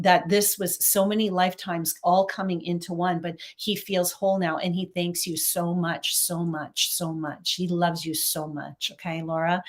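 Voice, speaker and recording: A woman's voice: mid-range voice, a bit bright. A woman hosting a casual phone livestream, giving psychic readings in a chatty, upbeat way and talking straight to her viewers.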